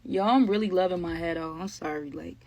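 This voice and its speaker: A young woman, telling a storytime vlog to her viewers in a casual, animated, slangy way. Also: lowish voice, fairly quick, no room sound. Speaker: storytime creator.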